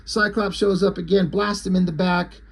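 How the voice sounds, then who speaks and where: Husky-voiced man casually recapping a comic. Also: sits high, little pitch movement, moderate pace. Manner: casual, profane, enthusiastic. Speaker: comic book reviewer.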